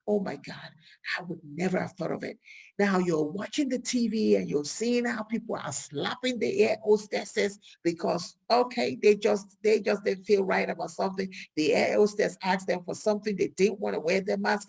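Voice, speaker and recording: Brief: husky, gravelly woman vlogger, chatty and lively, full of rhetorical questions. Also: mid-range voice. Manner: lively, rhetorical questions, acts out quoted speech. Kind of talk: casual talk to camera.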